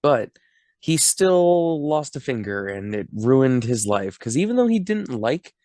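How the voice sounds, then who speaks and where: A man's voice: mid-range voice, sing-song, unhurried, warm tone, no echo, studio quality. A young man co-hosting a podcast, adding sarcastic jokes to a movie recap. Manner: joking, sarcastic, swears. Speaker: podcast co-host. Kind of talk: casual movie recap chat.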